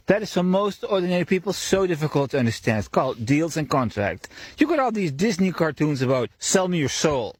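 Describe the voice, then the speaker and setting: Animated man ranting, dry close mic. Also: brisk, no room sound. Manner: animated, swings pitch often, swears, laughs mid-sentence. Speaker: podcast host. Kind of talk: casual monologue.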